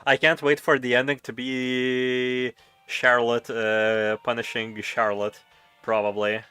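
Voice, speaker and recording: A man's voice: medium pitch, little pitch movement, takes it slowly, sharp tone, clean tone. A man giving casual, jokey gameplay commentary in an offhand way, over game music. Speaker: let's play host.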